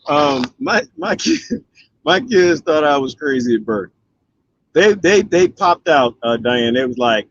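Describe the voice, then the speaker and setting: Animated laughing middle-aged man. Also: fairly high pitch, measured pace, long pauses, muffled recording. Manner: animated, laughs often, mimics voices in quotes. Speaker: vlogger reading viewer comments. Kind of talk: casual live comment chat.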